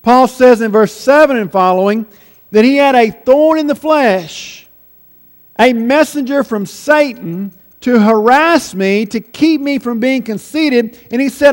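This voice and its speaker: A man delivers a sermon in a strikingly high voice, moving from quiet, slowed phrases to raised, pleading lines. His voice rings out with a long reverb, as if he is recorded in a large church hall. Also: lively intonation. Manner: dynamic preaching, swinging from hushed to pleading. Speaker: preacher.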